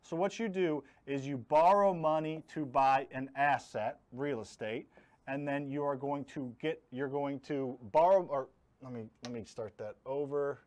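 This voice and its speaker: A man's voice: mid-range voice, measured pace, a little mellow. Man, blunt live training talk, jokey, punches key words. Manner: blunt, joking, leans hard on key words. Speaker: host teaching real estate investing.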